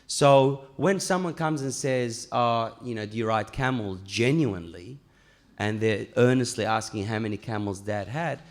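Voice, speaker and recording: Animated storytelling man from Iran. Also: medium pitch, normal speed. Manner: animated storyteller, many fillers and restarts. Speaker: author guest. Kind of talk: panel discussion. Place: stage at a public talk.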